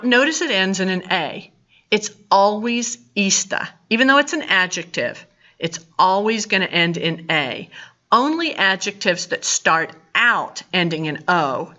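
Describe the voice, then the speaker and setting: A woman's voice: lowish voice, sharp tone, highs cut off. A woman, teaching a recorded video language lesson in a chatty, step-by-step way. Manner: chatty, explains step by step, mixes English and Spanish. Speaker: Spanish teacher.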